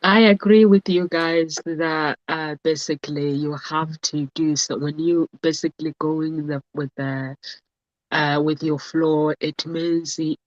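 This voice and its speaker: Hosting a casual talk show, a woman from Africa tells rambling stories, leaning constantly on "basically" and "uh." Her voice is low and steady, a touch slow. The sound is dull, lo-fi, and dry with no echo.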